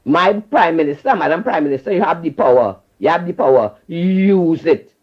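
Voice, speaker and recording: A Trinidadian man calls in to a talk radio show and rants in a fiery, preachy way, repeating his points. His voice sits high and swings widely. The phone line sounds a little muffled. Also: expressive, moderate pace. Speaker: caller. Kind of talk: call-in radio rant.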